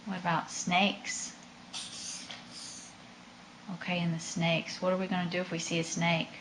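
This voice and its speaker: A woman's voice: on the low side, level tone, measured pace, roomy sound, background noise. A mother patiently coaxing her toddler in a home video, with sing-song prompts.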